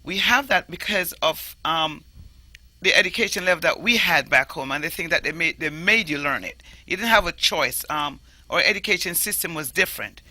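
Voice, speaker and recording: Forceful Jamaican woman storyteller. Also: on the low side, moderate pace, dry recording. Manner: animated, explanatory, stresses words emphatically. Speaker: storyteller guest. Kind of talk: interview conversation.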